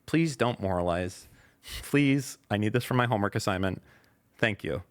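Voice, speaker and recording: A man's voice: lowish voice, animated, moderate pace. A man co-hosting a podcast in casual chat, blunt and profane, breaking into heated outbursts. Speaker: podcast co-host.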